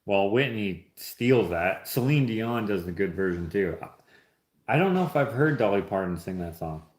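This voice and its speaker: A man's voice: on the low side, lively intonation, moderate pace. A man hosting a casual livestream, reading chat aloud and opening gifts in an easygoing, joking way. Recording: roomy echo.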